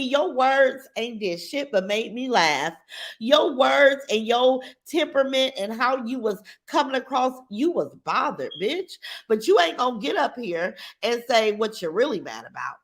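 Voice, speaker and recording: A woman's voice: on the high side, lively intonation, normal speed. A middle-aged woman hosting a livestream, reading viewer comments and talking in a blunt, defiant, profane way. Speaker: livestream host.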